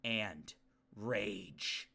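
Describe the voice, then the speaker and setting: A grim, grieving teenage boy hero, as a man reads him aloud in quiet, solemn tones. His pitch sits lower and hushed, though the tone stays bright. The game dialogue is read slowly and with weight. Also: gravelly, heavily acted. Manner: quiet, solemn dramatic reading.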